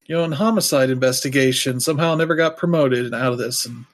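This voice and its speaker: A man in casual podcast chat, talking at a middling pitch. He rambles loosely, filling gaps with "like" and "uh", and tosses in wry, offhand asides. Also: quick pace. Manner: rambling, loose, heavy with fillers.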